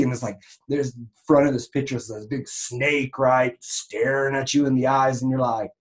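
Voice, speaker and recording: Guy explaining marketing stuff, rambly, lots of likes and restarts, middle pitched voice. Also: fairly even intonation, normal speed, darkish tone. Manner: rambling, conversational, many restarts and fillers. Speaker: online marketer in the raw vegan health business. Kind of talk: casual teaching talk on marketing.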